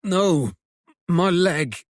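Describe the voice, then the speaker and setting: A man's voice: sits high, expressive, very slow, no echo, studio quality, pitched above the performer's own voice, exaggerated voice. A man doing a weak, shivering injured man. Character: injured man, trapped and in shock.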